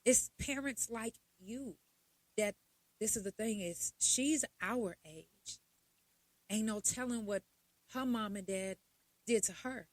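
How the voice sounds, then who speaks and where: Woman podcast host, young adult, blunt and profane, animated, fairly high pitch. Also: slow pace, pauses often, no room sound. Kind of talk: casual monologue.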